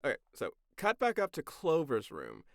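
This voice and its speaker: A male podcast host recapping a cartoon in an animated, sarcastic way. His voice is smooth and clear, with lively rises and falls. It is recorded on a close mic with a dry sound. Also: fairly high pitch, normal speed, dry recording. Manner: animated, sarcastic storytelling with profanity. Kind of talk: casual recap chat.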